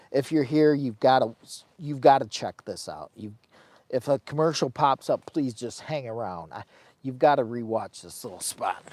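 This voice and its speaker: Middle-aged guy rambling on a camping livestream from inside his warm tent, pretty average voice, gets emotional. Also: mid-range voice, no room sound. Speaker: camping vlogger. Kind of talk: casual livestream chat. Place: inside a heated tent in the cold wind.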